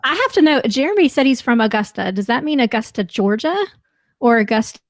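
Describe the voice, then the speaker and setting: A woman's voice: a little high, expressive, brisk, no echo. A woman from the United States co-hosting a podcast in casual chat, chatty and emphatic. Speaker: podcast co-host.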